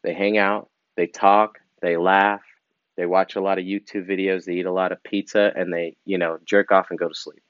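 Rambling low-voiced male comedian. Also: moderate pace, no echo, highs cut off. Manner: rambling, filler-heavy, animated asides. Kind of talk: rambling comic monologue.

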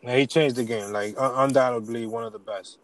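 A man in a casual chat, relaxed and agreeable, speaking in slang. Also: medium pitch, fairly quick, poor audio.

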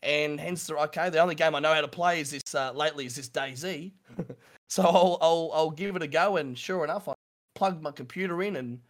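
A middle-aged Australian man telling his story in an interview, halting and repeating himself, with nervous laughs. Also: on the high side. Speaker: streamer guest.

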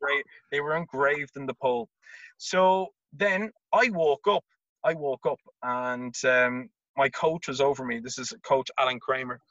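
Bright-voiced Irish man telling a story. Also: medium pitch, a little slow, dry recording, lo-fi sound. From Ireland. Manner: animated storyteller, repeats words, acts out quotes. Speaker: guest, former college tennis player. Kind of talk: casual storytelling interview.

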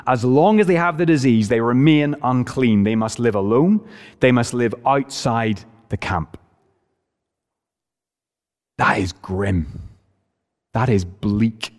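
A man's voice: mid-range voice, slow, long pauses, darkish tone. Earnest male preacher in a reverberant hall. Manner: earnest, emphatic, varies pace for stress. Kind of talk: sermon.

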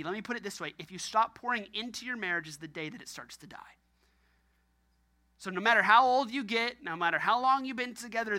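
A man's voice: sits high, pushed and bright. A man preaching a sermon about marriage, emphatic and repetitive, often laughing. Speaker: pastor.

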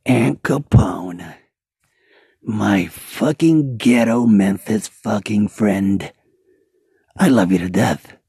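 A man's voice: fairly low pitch, takes it slowly, gravelly, long pauses, dark tone, breathy edge, no echo. A man delivering a comedic, profane roast rant full of mock-angry insults. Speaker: voiceover ranter.

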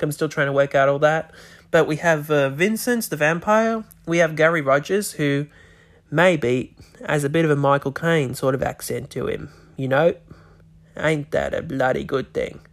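A man's voice: on the high side, normal speed. A man hosting a podcast, chatting casually in a rambling, hesitant way with many restarts. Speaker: podcast host. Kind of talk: casual chat.

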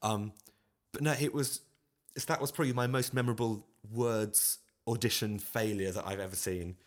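A man's voice: on the low side, normal speed. A man, a pianist at auditions, telling a story and acting out the voices and tunes in it. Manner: lively storyteller, acts out voices and hums tunes. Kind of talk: casual anecdote.

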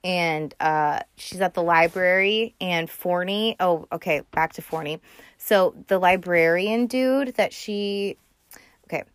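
A woman's voice: fairly low pitch, takes it slowly, clean tone, no room sound. A woman hosting a podcast in casual chat, retelling a movie in a rambling, profane way full of fillers. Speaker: podcast host.

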